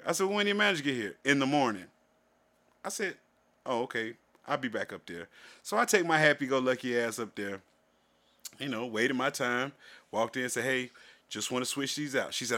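A man co-hosting a casual podcast, telling a profane story with lots of energy and getting louder and higher as he gets worked up. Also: moderate pace. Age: adult with a wife, working age. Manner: animated, profane storytelling, gets loud and high when worked up. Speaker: podcast co-host.

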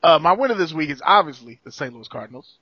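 Bright-voiced joking male podcaster. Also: on the high side, very animated, fast, no room sound, dull audio. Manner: joking, profane banter. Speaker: podcast co-host. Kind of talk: casual chat.

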